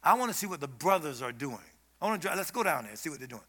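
A man's voice: a little high, sing-song, very fast, few pauses, pushed and bright, slightly rough. A man preaching an informal sermon as a guest preacher, in an emphatic, conversational way.

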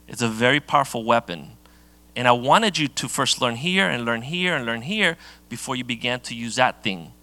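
Man, middle-aged pastor, chatty sermon, restarts, fillers, bright ringing tone. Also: mid-range voice, expressive, moderate pace. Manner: conversational, many fillers and restarts.

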